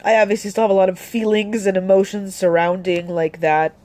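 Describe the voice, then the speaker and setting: A young woman talking about her grief in a personal vlog, halting, with many restarts and fillers. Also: mid-range voice, level tone, darkish tone, no echo. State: grieving, voice dropping soft. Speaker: vlogger.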